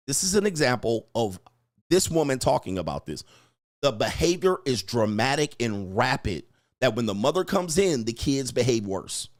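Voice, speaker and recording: A man's voice: mid-range voice, no room sound, clean studio sound. A man hosting a casual commentary show, talking bluntly and profanely and acting out quotes in other voices. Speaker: relationship commentator and host. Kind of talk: casual commentary reacting to clips.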